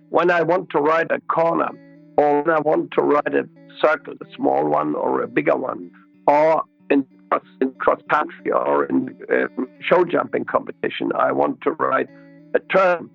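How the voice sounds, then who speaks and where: Gravelly man explaining riding, methodically. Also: fairly high pitch, lo-fi sound. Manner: slow, methodical, repeats key words. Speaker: riding expert guest. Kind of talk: interview explanation.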